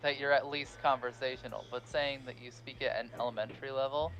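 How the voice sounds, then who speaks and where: A man's voice: medium pitch, steady tone, fast, few pauses, fairly bright tone. A young man, a guest on a casual call, who explains his points at length and thinks aloud as he goes. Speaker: guest panelist. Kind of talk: casual group discussion.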